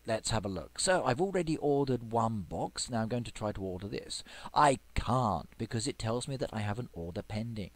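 A man giving chatty gameplay commentary, playfully excited, with squeals of delight and sudden whispers. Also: medium pitch, normal speed, dry recording. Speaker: game video creator.

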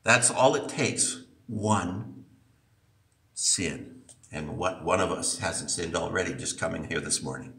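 A man's voice: deep voice, slow, creaky, sharp tone, recorded from a distance. Emphatic male preacher in an echoey church. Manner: emphatic, repeating for stress. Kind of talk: sermon.

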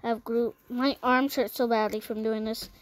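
A female gaming channel host in a casual vlog, listing items one by one with plenty of ums and pauses. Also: fairly high pitch, steady tone, poor audio.

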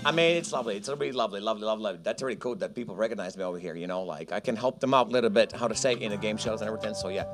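Soft music plays under a man hosting a live casino game, who chats playfully and jokes with viewers between rounds. His voice is on the low side, and he races along with hardly any pauses.

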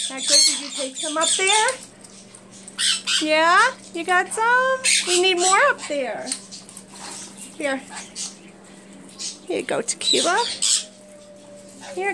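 A woman coos at her pet birds in a very high, swooping baby-talk voice. She talks slowly and softly, like someone doting on pets at home. Loud squawks from birds nearby fill the background. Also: very noisy. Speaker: pet bird owner. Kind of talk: casual pet-talk vlog. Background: loud bird squawks.

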